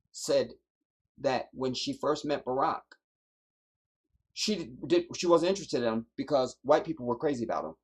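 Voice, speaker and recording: A man's voice: mid-range voice, husky. A man hosting a livestream, giving emphatic, preachy commentary and repeating his points for effect. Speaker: livestream host.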